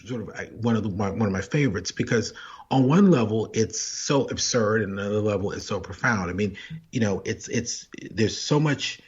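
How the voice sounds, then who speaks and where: A man, a poet and author, talking in a casual interview with thoughtful, halting speech full of restarts. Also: on the low side, breathy edge, highs cut off.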